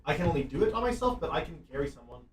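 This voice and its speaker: A man's voice: a little high, sing-song, rapid-fire. A young man running a tabletop game as dungeon master, narrating loosely with laughs and fillers, picked up by an echoey, distant mic.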